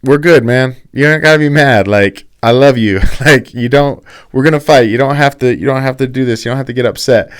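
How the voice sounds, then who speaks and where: A man doing a calm, easygoing veteran fighter. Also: medium pitch, a little fast, few pauses, clean tone, pitched above the performer's own voice, lightly acted. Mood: reassuring. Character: calm, good-natured older male fighter.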